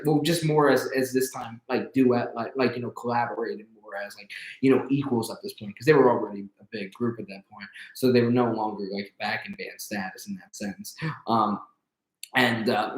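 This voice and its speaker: A young man hosting an interview, telling stories in a rambling, casual way full of fillers. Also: mid-range voice. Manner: rambling storyteller, many fillers. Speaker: interview host. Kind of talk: casual conversation. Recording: roomy echo.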